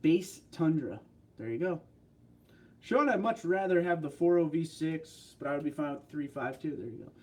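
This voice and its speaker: A man's voice: on the high side, expressive, moderate pace. A man from New York with a New York accent, hosting a casual livestream and chatting and joking as he reads viewer comments aloud. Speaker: livestream host.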